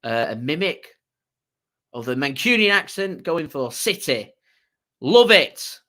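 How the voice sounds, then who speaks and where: A man's voice: a little high, expressive, measured pace, bright, forceful tone. A man hosting a fan channel's live match watchalong, chatting with viewers and giving play-by-play commentary. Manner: chatty, reads out viewer messages, laughs easily. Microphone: desk microphone.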